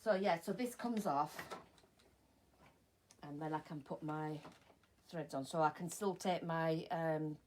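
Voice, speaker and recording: A middle-aged English woman with a slightly low voice chats through a live sewing session from her home sewing room. She sounds tired and keeps greeting viewers by name. She trips over her words now and then as she talks. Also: unhurried, long pauses, noisy background. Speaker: sewing channel host. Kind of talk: live-streamed sewing chat. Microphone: phone or camera mic.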